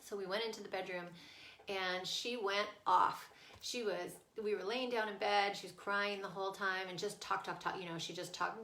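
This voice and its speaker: A woman's voice: mid-range voice, steady tone, moderate pace, sharp tone. A woman parenting coach explaining, earnestly and casually, how to stay with a child through a tantrum. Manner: earnest, explaining, checks in with "right?". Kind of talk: casual teaching talk. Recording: echoey room.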